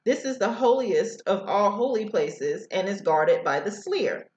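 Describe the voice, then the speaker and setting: Ancient guardian spirit read by a woman, slow and spooky, roomy echo. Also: mid-range voice, animated, darkish tone, muffled recording, natural voice. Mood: ominous. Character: ancient hissing guardian spirit, many voices.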